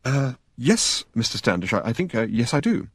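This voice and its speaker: A man's voice: medium pitch, very animated, normal speed, breathy edge, dry recording, studio quality. A man voicing a nervous female nurse who stammers and hesitates over every word. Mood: flustered.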